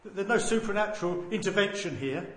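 A man preaching a sermon, swinging between loud proclaiming and quiet, low asides. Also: animated, fast, heavy reverb.

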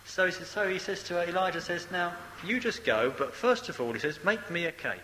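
Guy preaching, repeats his key phrases, bright sharp tone, big echoey hall. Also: sits high, lively intonation, brisk, hardly any pauses, a little hiss or hum. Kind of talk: sermon. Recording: echoey hall with long reverb.

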